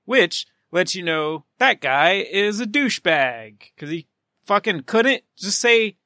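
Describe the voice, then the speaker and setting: This is a man co-hosting a film podcast in loose, casual banter. His voice sits high and bright, and his jokes come out sarcastic and mock-arrogant. The sound is dry and close. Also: animated, unhurried, no room sound. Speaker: podcast co-host.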